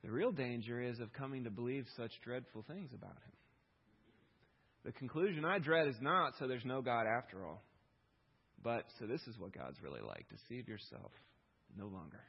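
Husky-voiced man preaching. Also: mid-range voice, animated, normal speed, muffled recording. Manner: swings from loud pleading questions to quiet reflective reading. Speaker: pastor. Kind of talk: sermon.

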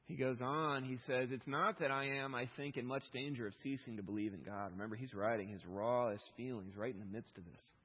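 A man preaches with a husky, slightly breathy voice at a middling pitch. He swings between loud, pleading questions and quiet, reflective passages read aloud. The recording sounds dull and a bit lo-fi. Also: brisk, few pauses. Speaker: pastor. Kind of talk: sermon.

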